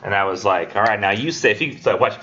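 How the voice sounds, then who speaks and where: A man's voice: fairly low pitch, fast talker, bright, forceful tone. A man lecturing his college English class in a loose, joking, rambling way, slipping into voices for his students. The sound is dull and lo-fi, with a faint hum of the room behind him.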